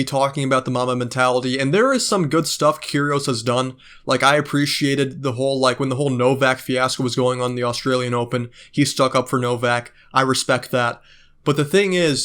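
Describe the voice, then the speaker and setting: Ranting man with a mid-pitched voice. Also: fairly bright tone. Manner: ranting, profane, many fillers. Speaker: vlogger. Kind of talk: casual monologue.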